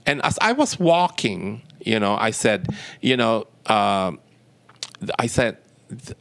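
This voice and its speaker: Low-voiced man telling a story. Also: slow, dry recording. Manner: lively retelling with quoted dialogue. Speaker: interview guest. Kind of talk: anecdotal storytelling.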